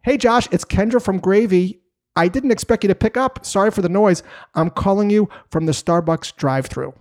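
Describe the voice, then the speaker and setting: A man's voice: medium pitch, expressive, normal speed, darkish tone, lightly acted. A man voicing an upbeat, friendly female saleswoman making a chatty cold call in a role-played sales scene. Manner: cheerful, chatty.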